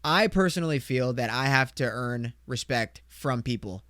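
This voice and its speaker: A man's voice: mid-range voice, expressive, moderate pace, fairly bright tone, smooth, dry recording, studio quality. A young man hosting his own podcast, rambling and swearing in a casual rant that swings between fired-up bursts and mumbled asides. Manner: rambling, profane, heavy on "like" and "dude". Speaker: podcast host. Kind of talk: solo podcast chat.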